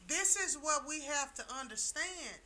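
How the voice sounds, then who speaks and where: A woman's voice: high voice, lively intonation, moderate pace, bright, forceful tone, slight background noise. A middle-aged woman talking on a chat show, telling her story emphatically and repeating her key lines like a preacher. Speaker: talk show panelist. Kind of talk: casual chat.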